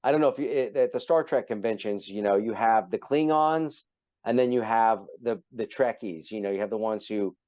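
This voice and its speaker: A middle-aged man telling a story as a guest in a casual interview, animated and acting out the people in it. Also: on the low side, moderate pace, dry recording, highs cut off. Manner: animated, acts out voices in his anecdote. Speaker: podcast guest, actor.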